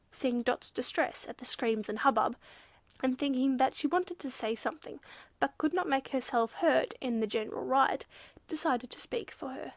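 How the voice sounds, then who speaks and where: A woman narrating a children's storybook, lively and playful, changing her voice for the animals. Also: no room sound. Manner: lively, shifts pitch for quoted animals. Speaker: audiobook narrator.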